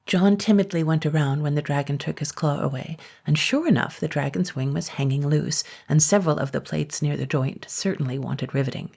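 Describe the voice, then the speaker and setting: A woman calmly narrating a children's fairy tale at an unhurried pace. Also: sits low, gravelly, husky. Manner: calm, unhurried. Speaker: storyteller. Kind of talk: calm storybook narration.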